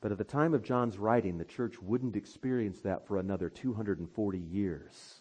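A man's voice: lowish voice, moderate pace, husky. Man preaching an impassioned sermon. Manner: impassioned preaching, swinging between soft and loud. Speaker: pastor.

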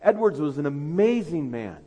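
Pastor guy preaching hard, kinda high voice, gets loud and urgent then drops real quiet. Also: sing-song, moderate pace, husky. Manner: fervent, swings between loud emphatic urging and quiet low asides. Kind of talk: sermon.

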